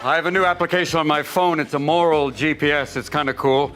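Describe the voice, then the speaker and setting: A man performing stand-up comedy at a rapid-fire pace, snapping into shouted character voices. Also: on the high side, steady tone. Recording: live show with loud crowd and noise.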